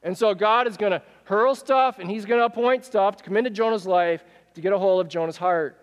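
A man preaching a sermon as pastor. He talks in an animated way, acts out quoted speech and puts questions to the congregation in a church sanctuary. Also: high-pitched, a little fast, in a large hall.

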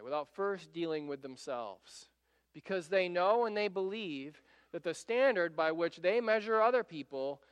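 A male pastor preaches in a relaxed, conversational way, with a high and smooth, resonant voice. His words carry through a large church sanctuary with a long reverb tail. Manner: conversational preaching, acting out quotes. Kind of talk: sermon.

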